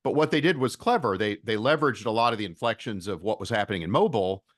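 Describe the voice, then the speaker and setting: A man, a venture investor guest on a podcast interview, explaining ideas in a steady way and often repeating his opening words. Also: on the low side, fast, no room sound, studio quality.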